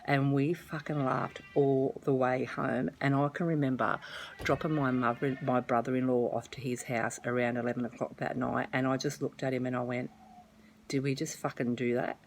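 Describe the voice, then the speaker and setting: A woman's voice: extremely low pitch, little pitch movement, moderate pace, creaky, a little mellow, slight background noise. A middle-aged Australian woman telling a funny family story to her followers in a chatty, self-mocking way, swearing freely. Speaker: vlogger. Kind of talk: casual storytelling to camera.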